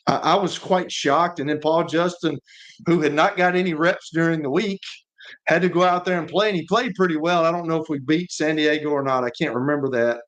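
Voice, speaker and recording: A man's voice: a little high, steady tone, brisk, a bit bright. A man, a former quarterback co-hosting sports radio, telling stories in a rambling way with many restarts. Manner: rambling, repeats and restarts words. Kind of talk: casual sports talk, storytelling.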